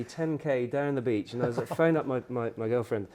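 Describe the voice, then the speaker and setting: Lively man telling a story. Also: fairly quick. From United Kingdom. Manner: animated storyteller, acts out quoted exchanges with jumps in pitch. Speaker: guest. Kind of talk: casual podcast interview.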